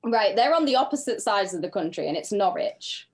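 A woman's voice: medium pitch, animated, fairly quick. A Cumbrian woman co-hosting a podcast in blunt, sweary, laughing casual chat. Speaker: podcast co-host.

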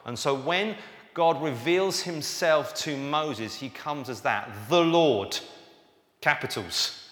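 A man's voice: on the high side, expressive, slow pace, fairly bright tone. A man preaching a sermon in a conversational, emphatic way. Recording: echoey hall, room reverb.

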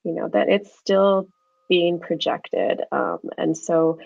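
A woman guest with a low, gravelly voice explains research in an easygoing way, often breaking into light laughs. The recording is dry and slightly dull, like a lo-fi call. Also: slow pace, darkish tone, no echo. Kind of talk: conversational interview.

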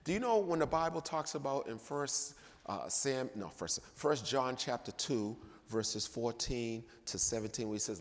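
Male preacher, slow emphatic sermon delivery with sudden loud peaks, recorded in a reverberant church. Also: mid-range voice, animated. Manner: emphatic, swings between loud and quiet. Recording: long reverb of a church hall.

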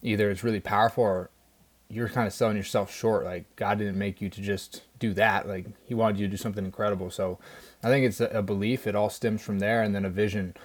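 A man with a low voice that stays level co-hosts a podcast in a small studio. He speaks with earnest enthusiasm in long, flowing runs. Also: fairly even intonation, fast. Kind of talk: motivational podcast talk.

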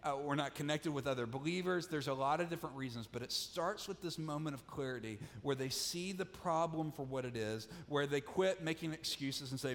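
A pastor preaching in a large sanctuary, his fairly high voice carrying a long hall reverb. He hammers points through repetition and sinks into hushed emphasis when he wants them to land. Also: brisk, hardly any pauses, a little hiss or hum. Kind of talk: sermon.

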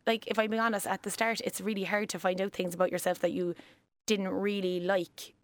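Irish woman in her twenties, talks fast and chatty, dry close mic. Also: medium pitch, flat delivery, dry recording. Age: 20s. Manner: chatty, laughs often, quick rambling talk. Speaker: guest, life coach. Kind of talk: casual podcast chat.

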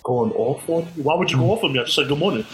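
A man's voice: medium pitch, lively intonation, racing, low-quality recording. A man hosting a casual podcast chat, laid-back and playful.

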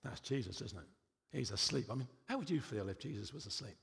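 A man's voice: mid-range voice, lively intonation, fairly quick, vocal fry, a bit bright, long reverb tail. A man preaching a sermon in a church, emphatic and repetitive, with frequent rhetorical questions.

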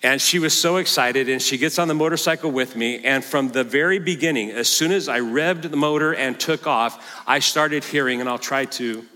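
An older man, a pastor, preaching a sermon and telling a story in an animated way, at times mimicking a squealing child. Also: medium pitch, normal speed, hardly any pauses, long reverb tail.

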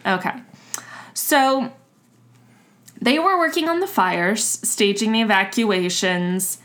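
A woman's voice: mid-range voice, lively intonation, slow, a bit bright. A woman co-hosting a casual podcast, telling a story with acted-out quotes and casual swearing. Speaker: podcast co-host.

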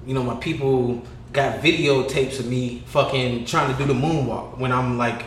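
A man's voice: mid-range voice, steady tone, normal speed, a little hiss or hum. Joking man in an echoey room. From California. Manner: loud, laughing, mocking imitations. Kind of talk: casual chat.

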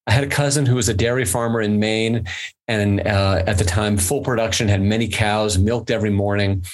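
Low-voiced man chatting as a guest. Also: fairly even intonation, brisk. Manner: earnest, stammers into sentences, reads a long quote aloud. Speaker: podcast guest, photo editor. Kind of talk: casual conversation.

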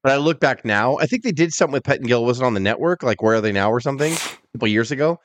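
A man's voice: medium pitch, rapid-fire, no room sound. A man co-hosting a wrestling podcast, telling stories casually with lots of swearing and acted-out quotes. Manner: animated storyteller, swears, mimics people in quotes. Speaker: podcast co-host. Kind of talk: casual chat.

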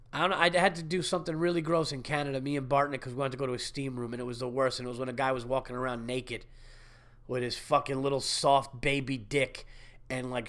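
A man hosting a podcast, telling a story in a profane, animated, indignant monologue. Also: mid-range voice. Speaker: podcast host.

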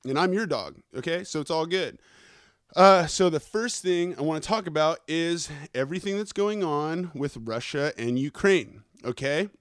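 A man hosting a podcast, wired and fast-talking, who swears through nearly every sentence and keeps tossing in "okay?" and "right?" His voice sits a bit on the high side. The recording is close and dry, with no room sound. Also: animated, clear, resonant tone, dry recording. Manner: rambling, swears constantly, checks in with listeners. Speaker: podcast host. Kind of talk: casual profane news rant.

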